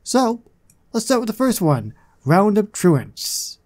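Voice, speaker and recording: A man's voice: sits high, very animated, slow pace, darkish tone. A man hosting a gaming channel, giving casual gameplay commentary in a chatty, self-deprecating way with muttered asides.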